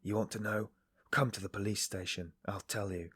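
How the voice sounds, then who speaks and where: A man's voice: on the low side, steady tone, moderate pace, fairly bright tone, slightly rough. A man voicing a brooding young male former student who talks in a lazy, dreamy, detached way.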